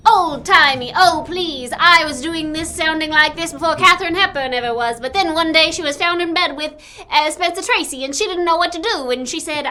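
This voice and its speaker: A woman's voice: high voice, unhurried, hardly any pauses, bright, forceful tone, soft background music. A woman playing a vain old-Hollywood starlet in improvised comedy, with a theatrical transatlantic drawl. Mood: haughty. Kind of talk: improvised comedy role-play.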